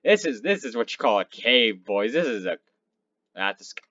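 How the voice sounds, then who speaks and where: A young man casually commenting on his gameplay, swearing and rambling between loud outbursts and low mumbling. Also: big pitch swings, moderate pace, muffled recording. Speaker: gaming channel host.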